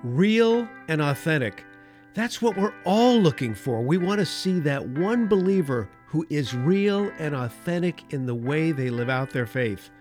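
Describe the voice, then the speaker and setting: A man hosts a faith-based talk show and speaks earnestly, like a preacher. His voice sits a little high for a man. Soft guitar music plays underneath. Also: lively intonation, unhurried. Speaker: host. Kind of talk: Christian talk show hosting.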